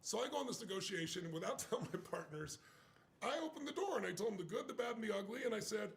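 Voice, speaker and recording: An older man telling a story in an emphatic, animated way. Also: sits high, fast talker, gravelly. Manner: emphatic, acts out quoted voices.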